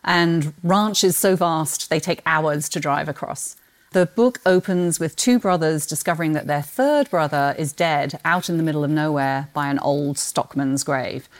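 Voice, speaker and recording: British woman w a bit of aussie twang, animated book chat, lowish voice. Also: unhurried. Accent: British with a slight Australian twang. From Britain. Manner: animated, laughs often. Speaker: guest, books marketing executive. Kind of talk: casual podcast chat about books.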